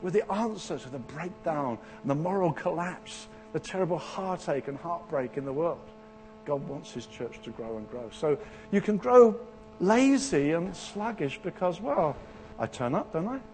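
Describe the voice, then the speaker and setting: A man preaching a sermon in a church, animated, acting out the voices of people in Bible stories. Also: a little high, slight background noise. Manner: animated, acts out Bible voices with rising intensity.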